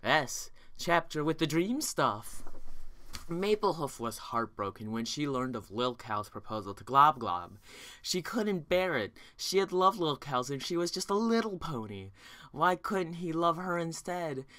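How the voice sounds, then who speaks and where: A young man hosting a fan video, giving a mock-dramatic reading of a bad fanfic in a deadpan voice and laughing at the absurd parts. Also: fairly high pitch, a little slow, dry recording.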